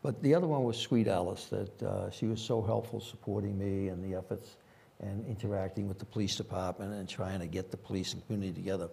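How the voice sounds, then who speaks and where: A man's voice: sits low, steady tone, fast, gravelly, dark tone, a little hiss or hum. An older man with a Boston accent, a former police chief telling rambling anecdotes with frequent fillers at a conference panel.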